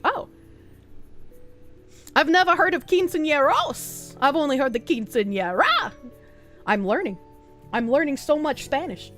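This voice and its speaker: A woman streamer chatting casually and crudely, sarcastic and quick to laugh. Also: high voice, very animated, fairly bright tone, faint music behind. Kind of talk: casual livestream chat.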